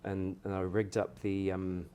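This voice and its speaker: A man from the United Kingdom, a guest on a casual podcast interview, telling his stories in a lively way and acting out the exchanges he quotes. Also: a little slow, slight background noise. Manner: animated storyteller, acts out quoted exchanges with jumps in pitch.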